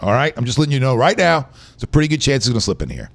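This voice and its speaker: A man's voice: medium pitch, sing-song, very fast, creaky, fairly bright tone. A man hosting a live-streamed show, chatting loosely and joking with viewers. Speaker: show host. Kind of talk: casual live-stream chat.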